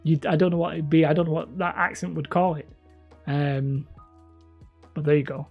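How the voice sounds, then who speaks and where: A man's voice: a little high, steady tone, moderate pace, creaky, husky, dull audio, soft background music. A man from northern England chatting casually with viewers as a hobby channel host, mumbly and a little whiny, rambling and self-mocking. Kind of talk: casual live-stream chat.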